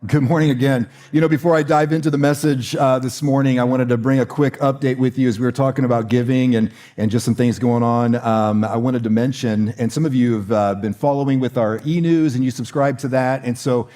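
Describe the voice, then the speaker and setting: A man's voice: mid-range voice, steady tone, a little fast, hardly any pauses, dark tone. A middle-aged man preaching a sermon as a pastor, casual and conversational with many fillers and restarts. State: choked up. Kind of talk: sermon with announcements.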